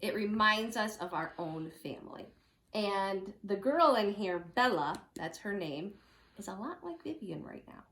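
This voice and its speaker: A woman teacher reading a picture book aloud at home, with lively, chatty asides for children. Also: medium pitch, unhurried, echoey room. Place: home room.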